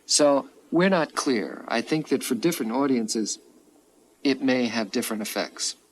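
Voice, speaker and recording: A man's voice: medium pitch, animated, a little slow, noisy background. A man giving a thoughtful, hedging answer in a documentary interview. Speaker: interviewed expert.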